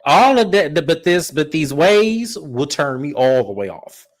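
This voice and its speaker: A man's voice: fairly high pitch, big pitch swings, measured pace. A man co-hosting a reality show recap in casual chat, emphatic and joking.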